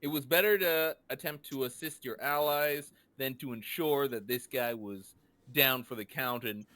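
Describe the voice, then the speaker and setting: A man's voice: medium pitch, fairly bright tone, no echo. Dry-sounding man analyzing a game. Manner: thoughtful, analytical, quick to laugh. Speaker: tabletop game player. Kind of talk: casual post-game discussion.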